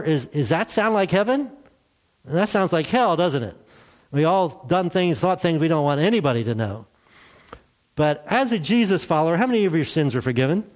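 A man preaching a sermon in a church, in a conversational way, asking rhetorical questions and telling light jokes. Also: fairly high pitch. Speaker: pastor.

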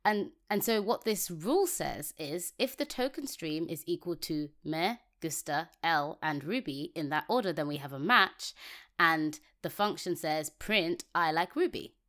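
A woman's voice: low-pitched, expressive, measured pace, a bit bright. A woman co-hosting a casual technical podcast, reading code aloud step by step and laughing easily. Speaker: podcast co-host.

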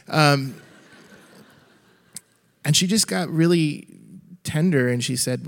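A man's voice: medium pitch, takes it slowly, long pauses. A man in his thirties preaching a sermon, telling a family story in an earnest, storytelling manner. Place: large church. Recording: echoey church hall.

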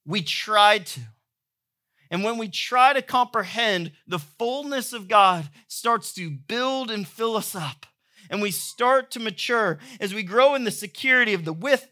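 A man's voice: sits high, animated, a little slow, bright, forceful tone. A man in his thirties preaching a sermon as pastor, telling stories in a playful, humorous way. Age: 30s.

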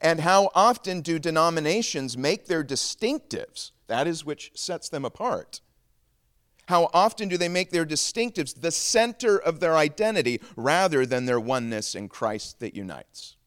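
A man's voice: on the high side, animated, moderate pace, fairly bright tone, smooth. A man preaching a sermon as pastor, moving from prayer into a joke and teaching. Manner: prays then tells a joke with acted voices.

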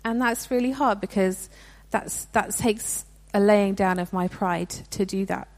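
A woman's voice: medium pitch, measured pace, a little mellow. A young woman giving a sermon in a conversational, earnest way, with frequent restarts. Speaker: preacher.

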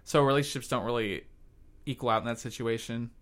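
A man's voice: mid-range voice, steady tone, quick pace, a bit bright. Young man, comedian guest, casual chat, hesitant, restarts words. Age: young adult.

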